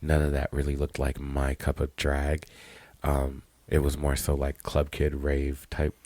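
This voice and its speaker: Very deep-voiced blunt podcast co-host man. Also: completely flat delivery, a little slow, a little mellow, no echo. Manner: blunt, profane, opinionated. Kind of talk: casual chat.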